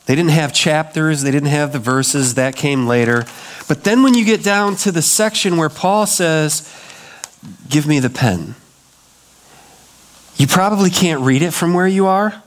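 A man preaching a sermon as pastor, talking in a conversational way, acting out quoted voices and dropping low and slow to stress a point.

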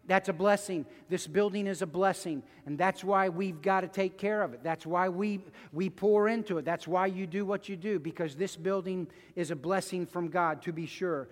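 A man's voice: high voice, normal speed, few pauses, long reverb tail. A male pastor preaching a conversational sermon to his congregation, with repeated phrases and personal stories, then leading a prayer. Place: church sanctuary.

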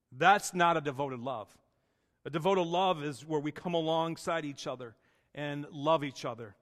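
A man's voice: fairly high pitch, moderate pace, fairly bright tone, in a large hall. A man preaching a sermon as pastor, earnest and conversational, with restarts and plain everyday phrasing.

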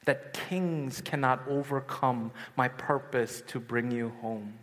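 A man in his thirties preaching a sermon at a youth retreat, telling a personal story with swings from hushed to excited. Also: mid-range voice, takes it slowly. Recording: long hall reverb.

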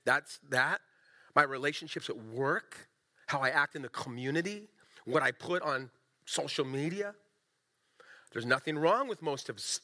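A middle-aged man preaching a sermon as a pastor, in a conversational, animated and self-deprecating way. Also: mid-range voice.

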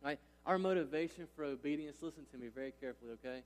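Emphatic pastor preaching in a reverberant hall. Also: male voice, a little high, rapid-fire. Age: 30s. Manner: emphatic, repeats "right?" and "listen" to engage listeners. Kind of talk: sermon.

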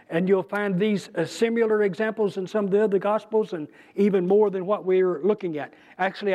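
Male preacher, high voice, talks through scripture conversationally with emphasis. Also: darkish tone. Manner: conversational, emphatic, with pauses and restarts. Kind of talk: bible teaching.

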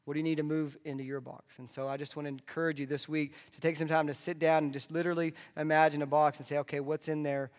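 A man delivering a conversational sermon as a pastor, dropping into soft asides. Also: fairly high pitch, level tone, quick pace, hardly any pauses. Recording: long hall reverb.

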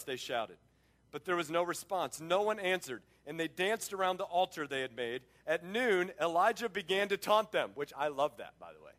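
A middle-aged man preaching a sermon, telling the story in an animated way and breaking off into sports asides. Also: a little high, moderate pace. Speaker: pastor.

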